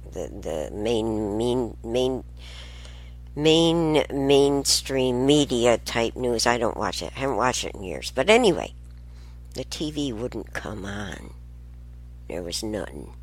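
A woman's voice: very deep voice, a bit bright. An older woman telling family stories in a casual, rambling way, often laughing and getting sidetracked.

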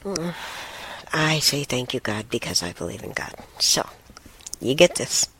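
A woman telling a personal story and teaching about spirits slowly, with halting pauses and a voice that slips into a breathy whisper. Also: extremely low pitch, sing-song, a bit bright, slight background noise. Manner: drifts into a breathy whisper often; halting, with many restarts and pauses.

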